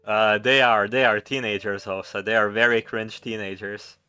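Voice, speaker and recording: A man playing a visual novel and commenting casually, loud, joking and swearing. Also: lowish voice, level tone, moderate pace, smooth, soft background music. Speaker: let's play gamer.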